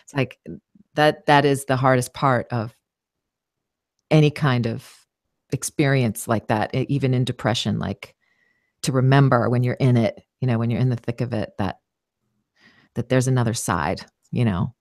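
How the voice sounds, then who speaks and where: A woman's voice: rumbling low, normal speed, long pauses, a little mellow, dry recording, studio quality. A woman voice actress talking as an interview guest, thoughtful, with many "you know"s and restarts. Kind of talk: casual interview conversation.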